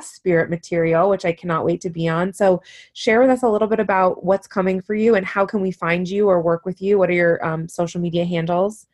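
A woman hosting a podcast interview, speaking warmly and effusively, often saying you know. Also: fairly low pitch. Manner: warm, effusive, frequent you knows. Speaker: podcast host. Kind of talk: casual interview conversation.

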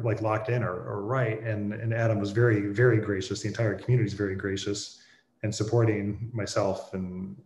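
A man with a somewhat low voice talks through a personal experience in a reflective, halting way. He pauses and restarts often as he searches for words. The recording has a noticeable roomy echo. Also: a little mellow. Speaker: guest sharing a personal experience. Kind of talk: reflective conversational storytelling.

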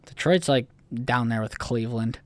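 A man's voice: medium pitch, normal speed, no echo. A young man in casual chat, brash and insistent, swearing a lot.

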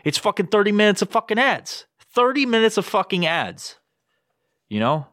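A man's voice: sits high, sing-song, moderate pace, fairly bright tone, dry recording, clean studio sound. A man hosting his own podcast, rambling through sponsor plugs in a crude, swear-heavy casual monologue. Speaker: podcast host.

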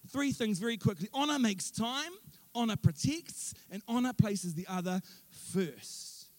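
Young male pastor, lively story-driven preaching, high-pitched, dry mic. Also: moderate pace, no echo. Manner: animated storytelling with self-mocking asides. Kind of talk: sermon.

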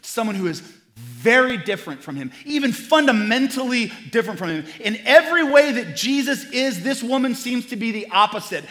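A male lead pastor preaching a sermon, animated, acting out voices in the story and swinging between loud emphasis and quiet, low moments.

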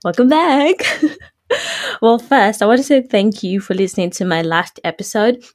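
A woman's voice: medium pitch, brisk, a little mellow. A young woman with a British accent hosting her own podcast in casual solo chat, rambling through asides and laughing often. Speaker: podcast host.

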